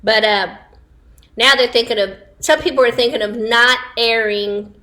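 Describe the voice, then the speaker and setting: A woman's voice: a little high, steady tone, normal speed, bright, forceful tone. A woman chatting casually to online viewers from home, laughing often and wandering into asides. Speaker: livestream host. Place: home, indoors.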